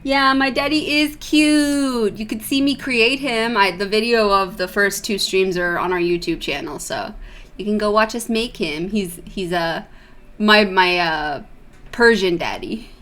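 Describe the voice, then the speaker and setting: A woman's voice: mid-range voice, a little slow, a bit bright. A chatty young woman streams a visual novel, reading narration and drifting into giggly, rambling asides. Her talk is loose and casual, aimed at viewers as she plays. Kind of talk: let's-play commentary and reading aloud.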